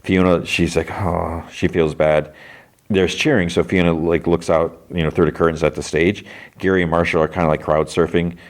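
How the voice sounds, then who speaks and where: Low-voiced male podcast host, loose rambling recap, heavy on filler words. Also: level tone, a little fast. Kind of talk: casual episode recap.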